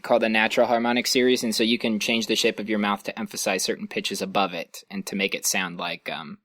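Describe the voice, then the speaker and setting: Young male host, casual, self-deprecating, lowish voice, dry close recording. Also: flat delivery, quick pace, no echo. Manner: modest, laughs often, trails off quietly. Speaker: podcast host. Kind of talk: casual chat. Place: sitting on the floor of his room.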